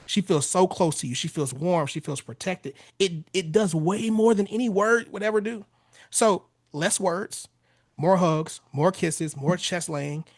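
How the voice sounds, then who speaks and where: A man's voice: high-pitched, measured pace, no room sound, clean studio sound. Blunt millennial man coaching on marriage. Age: 30s. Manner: blunt, casual, swears freely, direct. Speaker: relationship coach. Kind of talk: podcast interview advice.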